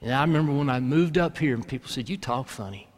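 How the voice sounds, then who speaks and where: A man's voice: medium pitch, fast, in a large hall. A man preaching a sermon in an easy, conversational way, with bursts of emphasis. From Alabama, US South. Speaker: pastor.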